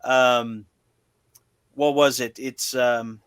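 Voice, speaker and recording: A man's voice: medium pitch, steady tone, drawn-out words, fairly bright tone, smooth. A man co-hosting a casual podcast chat, rambling with restarts and wry asides. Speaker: podcast co-host.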